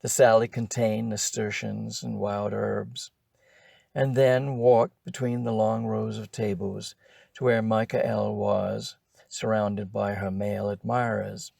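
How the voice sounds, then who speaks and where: An older man reading his own memoir aloud in a measured, wry first-person storytelling manner. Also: lowish voice, flat delivery, creaky, a little mellow, no room sound, studio quality. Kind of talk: audiobook narration.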